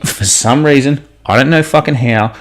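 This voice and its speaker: A man co-hosting a podcast in casual chat, excitable and swearing constantly as he spins conspiracy talk. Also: mid-range voice, moderate pace. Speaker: podcast co-host.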